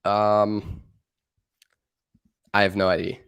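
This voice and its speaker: A man's voice: on the low side, level tone, takes it slowly, vocal fry, fairly bright tone, smooth. A young man with a Dutch accent, chatting loosely on a livestream, laughing and swearing as he rambles. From Netherlands. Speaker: livestream co-host. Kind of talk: casual livestream chat.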